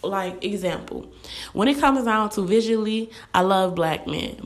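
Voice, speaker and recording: Blunt animated young woman ranting. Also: on the low side. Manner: animated, blunt, fast-talking with quoted asides. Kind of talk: casual rant to camera.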